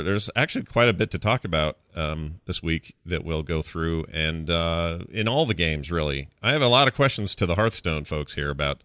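A man's voice: on the low side, sharp tone, dry recording, clean studio sound. A man hosting a casual gaming podcast, easygoing and joking, with plenty of fillers. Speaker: podcast host.

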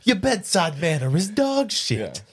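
A man's voice: high-pitched, huge pitch swings, a little slow, breathy edge. A man co-hosting a casual podcast chat, teasing and needling his friend with casual swearing. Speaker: podcast co-host.

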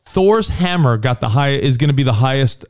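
A man co-hosting a casual radio talk show, chatty and quick, often tripping over his words. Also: medium pitch, expressive, a little mellow. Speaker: co-host.

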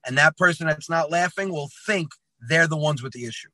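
Male comic, 30s, bright and a bit high, animated storyteller, dry close sound. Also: brisk, dry recording, rough recording. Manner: lively, acts out dialogue, says "man" often. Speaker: comedian guest.

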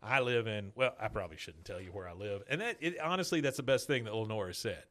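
A man in a casual podcast chat, recapping a cartoon episode as a relaxed storyteller who acts out quotes and laughs often. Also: on the low side, fast. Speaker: podcast host.

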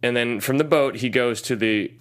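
A man hosting a casual movie podcast, talking at an ordinary middle pitch. He recaps scenes in an animated way, quoting lines and cracking jokes as he goes. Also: normal speed. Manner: animated storyteller, jokes and quotes clips. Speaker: podcast host reviewing a movie. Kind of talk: casual chat.

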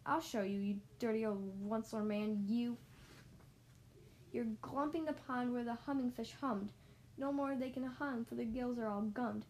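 A woman's voice: on the high side, moderate pace, a little mellow, slight background noise, natural voice, poor audio. A woman voicing a grumpy small old male forest creature who scolds in snappish rhymes. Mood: scolding.

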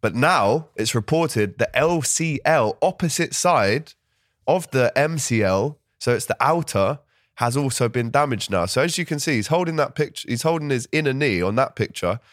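A man from with a slightly hoarse voice, hosting a casual football podcast and reading out viewer comments. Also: medium pitch, animated, moderate pace, dry recording, studio quality. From London. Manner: chatty, reads out viewer comments. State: hoarse from a cold. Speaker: host.

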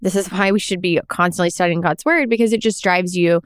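A woman's voice: on the low side, brisk, clear, resonant tone, no room sound, clean studio sound. A young woman co-hosting a casual faith podcast, telling reflective personal stories. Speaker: podcast co-host.

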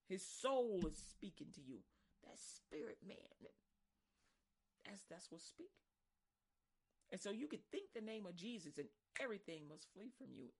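A woman with a fairly high voice delivers a casual sermon, talking straight to the listener. She is animated and conversational, slipping into small acted scenes and sound effects to make her points. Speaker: preacher.

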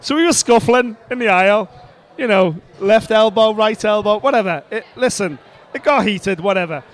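Male podcast co-host, high voice, rambling, excitable storytelling. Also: moderate pace. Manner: rambling, excitable anecdote-telling. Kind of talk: casual storytelling. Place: arena seats at a boxing event.

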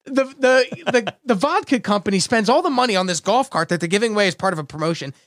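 A man's voice: high-pitched, animated, fast talker, fairly bright tone, no echo, studio quality. A man hosting a casual comedy chat show from his bedroom, telling stories animatedly with laughing asides. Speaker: host.

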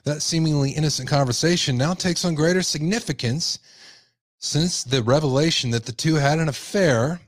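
A man's voice: mid-range voice, dry recording, studio quality. A male podcast host who reads news articles aloud and breaks in with sarcastic asides. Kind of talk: reading news aloud with commentary.

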